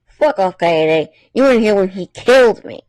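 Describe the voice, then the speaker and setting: A man's voice: animated, normal speed, dry recording. A furious, vengeful young woman, as a reader puts her on. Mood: enraged. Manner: shouting insults, raised pitch.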